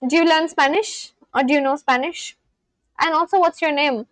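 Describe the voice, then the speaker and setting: A woman's voice: high voice, normal speed, a bit bright, no echo. A woman from India, chatting casually on a livestream, reading and answering viewers' comments. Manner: chatty, reads and answers chat aloud, laughs often. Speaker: livestream host.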